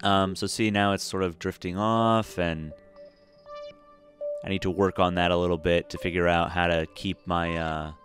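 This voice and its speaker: Tired guy with a lowish voice doing laid-back game commentary, lots of uhs, faint music behind. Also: moderate pace. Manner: relaxed, rambling, with many fillers and restarts. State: tired, yawning. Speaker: gameplay commentator. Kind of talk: casual let's-play commentary.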